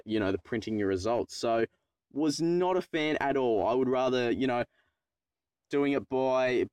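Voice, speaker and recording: Young man, vlog storytelling, swears freely, mid-pitched voice, dry close sound. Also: no echo. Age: teenager. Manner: excitable, swears freely, acts out his own panic in low muttered asides. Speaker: vlogger. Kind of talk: casual storytelling to camera.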